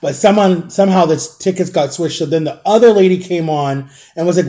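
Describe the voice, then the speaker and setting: A middle-aged man tells a rambling story in a casual vlog, stopping often to clear his throat or cough. His voice sits a touch high but sounds mellow and warm. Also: fast talker, hardly any pauses, lo-fi sound. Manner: chatty, swears casually. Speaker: vlogger.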